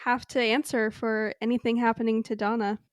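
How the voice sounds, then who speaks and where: Bright-toned young woman retelling scenes. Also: fairly high pitch, a little fast, no echo, studio quality. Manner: enthusiastic, animated retelling. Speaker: podcast co-host. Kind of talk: casual chat.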